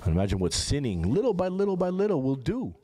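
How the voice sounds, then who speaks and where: A young man giving an informal sermon to a large gathering, talking to the audience in a conversational way and asking them questions. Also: quick pace. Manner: conversational, asks the audience questions, animated rises in pitch. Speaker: speaker at a Muharram gathering. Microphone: handheld microphone. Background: crowd of listeners.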